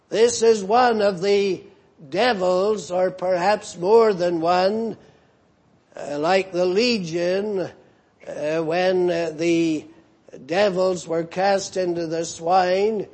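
Male preacher with a high voice who takes his time, deliberate, asks rhetorical questions. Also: steady tone, a little mellow. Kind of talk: sermon.

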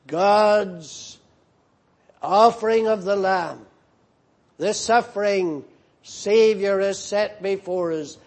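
Slow, high-voiced male preacher. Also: darkish tone. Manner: slow, emphatic preaching with repeated phrases. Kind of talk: sermon.

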